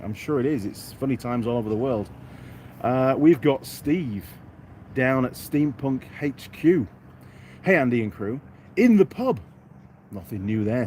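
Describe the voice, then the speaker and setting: A man's voice: medium pitch, darkish tone, a little hiss or hum. A middle-aged man from York, England, hosting a casual outdoor live stream, chatting and reading out viewer comments by name in a self-deprecating way.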